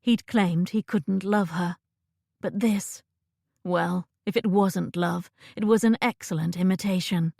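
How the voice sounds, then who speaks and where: Woman audiobook narrator, romance, measured and intimate, low-ish with fry. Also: steady tone, darkish tone, no room sound, studio quality.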